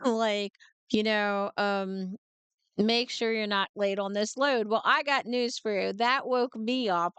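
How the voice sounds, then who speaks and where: A woman with a New Jersey accent, a truck driver giving casual reaction commentary, telling stories in an animated way and laughing as she talks. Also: medium pitch, clear, resonant tone, no echo. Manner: animated storytelling, gets fired up and laughs.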